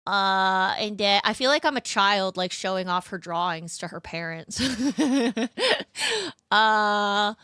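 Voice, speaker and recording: A woman's voice: mid-range voice, slow, bright, forceful tone, clean tone, dry recording, studio quality. A young woman streaming as a VTuber, chatting in a casual, rambling way with cutesy slang. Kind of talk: casual live-stream chat.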